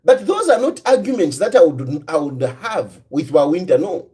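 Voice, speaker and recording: A Zambian-accented man delivers political commentary on his own. His voice sits high and swings widely in pitch. He keeps firing rhetorical questions and slips easily between English and Bemba. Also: very animated, normal speed, darkish tone.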